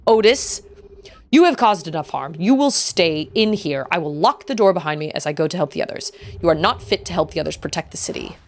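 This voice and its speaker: A woman's voice: lowish voice, lively intonation, fairly quick, slight background noise. A woman voicing a stern, scornful old male owl mentor in a video game, in a cold, scolding, stiff put-on British tone.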